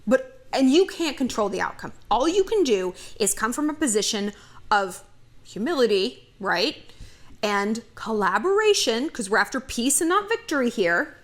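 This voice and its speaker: A woman's voice: fairly high pitch, normal speed. A woman giving blunt relationship advice in a casual monologue, acting out bits of dialogue as she goes. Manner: animated, blunt, acts out dialogue.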